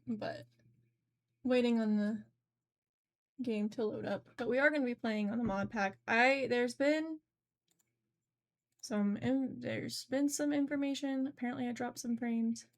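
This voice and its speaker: A woman's voice: a little high, a little slow. A young adult woman streaming games, chatting casually and rambling, with frequent laughs. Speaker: game streamer. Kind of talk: casual live-stream chat.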